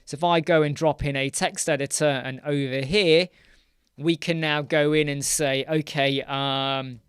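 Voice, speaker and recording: Guy hosting a live stream q&a, chatty, keeps saying hi to viewers, bit higher voice, dry sound. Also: steady tone, measured pace, a bit bright, smooth, dry recording. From United Kingdom. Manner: chatty, greets viewers mid-sentence, thinks aloud. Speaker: host of a live web design Q&A. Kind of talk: casual live-stream Q&A with screen demo.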